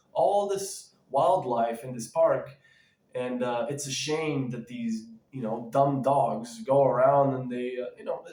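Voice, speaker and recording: A man's voice: mid-range voice, a little mellow. Rambling man ranting in an echoey room. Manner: rambling, emphatic, lots of fillers and restarts. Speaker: vlogger. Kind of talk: casual ranting vlog.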